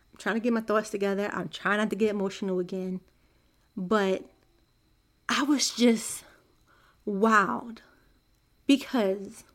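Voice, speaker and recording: A mother hosting a faith podcast, speaking in an earnest, confiding monologue to her listeners. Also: medium pitch. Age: young adult to middle-aged, a mother. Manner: earnest, confiding, soft-spoken. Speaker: podcast host.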